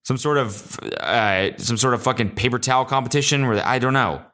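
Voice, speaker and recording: A man's voice: mid-range voice, a little fast, pushed and bright. A young man hosting his own podcast alone, telling rambling, profane, jokey stories and acting out quotes in exaggerated voices. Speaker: podcast host. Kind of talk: casual solo podcast monologue.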